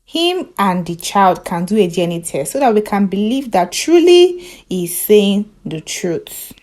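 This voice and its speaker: A Nigerian woman voicing a formal male doctor calling in, slow and measured. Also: mid-range voice, very animated, darkish tone.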